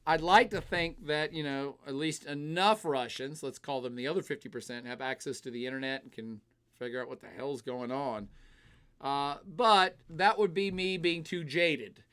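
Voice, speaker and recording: A man's voice: a little high, normal speed, fairly bright tone, clear, resonant tone. A man hosting a live stream, reading chat questions and answering in a blunt, opinionated, casual way, with plenty of filler sounds and the odd swear.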